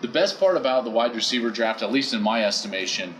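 A man, a football analyst, answering interview questions in a measured, explanatory way, recorded poolside at a hotel. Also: medium pitch, lively intonation, a bit bright, a little hiss or hum, low-quality recording.

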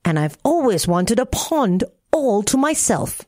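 Storybook frog, male, fretful and lecturing, read by a woman narrator; slow, lively delivery. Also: a little high, no echo, studio quality. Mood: fussy. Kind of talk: storybook reading.

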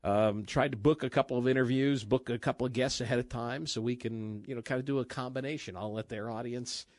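A man hosting a talk radio show in casual banter, chatty, with halting restarts and frequent laughs. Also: medium pitch, fairly even intonation, no room sound.

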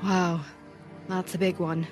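Casting: woman reading a kind dad, gentle and reassuring, storybook. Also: lowish voice, flat delivery, slow pace, soft background music, voice pushed down. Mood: warm. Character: kind family father.

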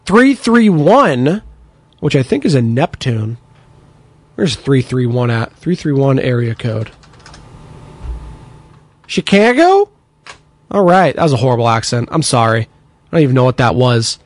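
A man with a mid-range voice talks at a moderate pace as the host of a sports talk radio show. He chats with lots of energy and reads out messages sent to the text line.

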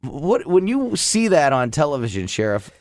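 A man's voice: on the high side, big pitch swings, normal speed, no echo, clean studio sound. A man hosting a talk show, making his points in an earnest way. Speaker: host.

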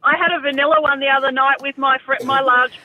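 A woman's voice: high voice, fairly even intonation, quick pace, highs cut off, slight background noise. A woman from Victoria calling a radio show, friendly and chatty. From Victoria, Australia. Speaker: caller.

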